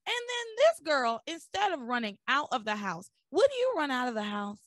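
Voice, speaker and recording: A woman with a fairly high voice, recapping a soap in lively, sarcastic casual chat. The sound is dry and close, with no room around her. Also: normal speed, hardly any pauses, no echo. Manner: animated storytelling with sarcastic asides. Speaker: podcast host recapping a soap opera.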